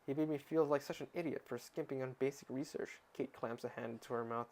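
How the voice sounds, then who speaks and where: A man at home reads a novel aloud as a parody audiobook, in a middle-pitched voice. He trips over words and restarts them, and breaks off into sarcastic, fed-up comments on the text. The delivery is casual and unpolished. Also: fairly even intonation, brisk, hardly any pauses, darkish tone. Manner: sarcastic, interrupts reading with exasperated comments; stumbles and restarts words while reading. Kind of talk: mock audiobook reading with asides.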